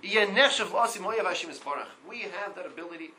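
A man giving a Torah class, reading Hebrew lines aloud and translating them, in an animated way that repeats words. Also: high voice, fast, rough recording. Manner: reads Hebrew text and translates line by line. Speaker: Torah teacher.

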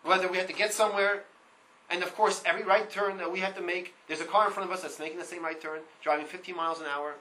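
Male Torah teacher, high and forceful, reads Hebrew lines and translates each one, lively, repeats himself, faint background hiss. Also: fast, poor audio. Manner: animated, repeats words. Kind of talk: Torah class.

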